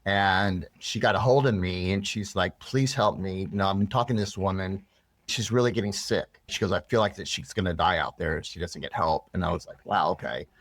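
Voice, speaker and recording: A man's voice: sits low, fairly quick, a bit bright, dry recording. A man being interviewed, earnestly telling a personal story with many restarts and rambling asides. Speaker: interview guest.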